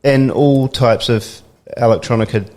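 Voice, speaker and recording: A man hosting a casual podcast interview, chatty and quick to laugh. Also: mid-range voice. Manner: relaxed, chatty, laughs easily. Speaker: podcast host.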